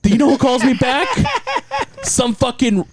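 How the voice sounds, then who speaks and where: A man telling stories in a casual podcast chat, animated and profane, acting out the people he quotes. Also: very high-pitched, moderate pace, a crowd in the background. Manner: animated, swearing, acts out quoted voices. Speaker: podcast host.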